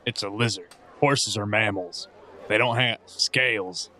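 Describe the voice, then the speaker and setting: A man with a bright, crisp tone speaks in character at an actual play tabletop table. He is matter-of-fact and keeps correcting the others with dry, plain statements. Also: fairly low pitch, measured pace. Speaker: tabletop roleplay player.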